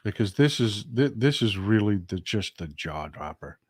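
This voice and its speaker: A man's voice: fairly low pitch, big pitch swings, moderate pace, husky, no echo. A man with a Southern American accent hosting a casual political live stream, talking in a folksy, emphatic way and answering his chat.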